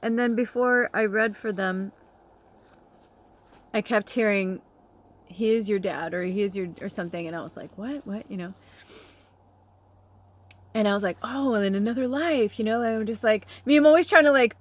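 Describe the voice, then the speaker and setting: A woman's voice: fairly high pitch, normal speed, long pauses. A middle-aged woman chatting casually as a tarot reader and medium, rambling with frequent laughs, casual swearing and moments close to tears. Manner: emotional, near tears. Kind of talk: casual spiritual vlog chat.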